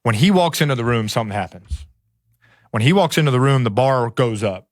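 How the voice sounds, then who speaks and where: A man in his thirties tells stories in an easy, animated way, full of "like" and "you know". His voice sits mid-range and is close-miked in a dry, dead room. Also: medium pitch, a little fast, dry recording. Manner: relaxed, animated storyteller with many "like" and "you know". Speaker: podcast guest, former football player. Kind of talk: casual storytelling in conversation.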